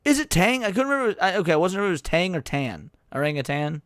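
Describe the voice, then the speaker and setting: A man's voice: sits high, very animated, quick pace, a bit bright, no echo, clean studio sound. A man co-hosting a late-night stream, joking around and reading chat messages aloud with frequent stammered restarts. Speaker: VTuber co-host.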